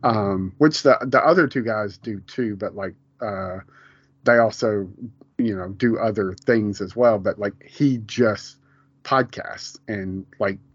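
A man with a low-ish, breathy voice co-hosts a relaxed podcast discussion of a TV show, speaking slowly. He rambles, often starts over and laughs a great deal. The dry recording has dull, lo-fi home podcast quality.

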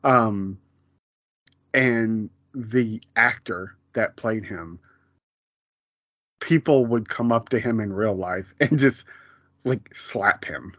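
A man's voice: on the low side, slow, pauses often, a bit bright, no echo. Rambling man on a dull, dry mic. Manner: rambling, many fillers and restarts. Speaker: podcast co-host. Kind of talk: casual chat.

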